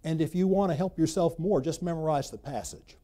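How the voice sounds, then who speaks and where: A man preaching a sermon, emphatic, swinging between loud bursts and quiet asides. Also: on the high side, fairly quick. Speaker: pastor.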